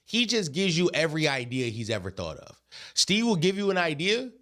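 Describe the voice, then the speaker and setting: A man hosting a podcast, telling stories in a casual, animated, profane way, often repeating himself. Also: on the high side, brisk. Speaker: podcast host. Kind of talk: casual storytelling chat.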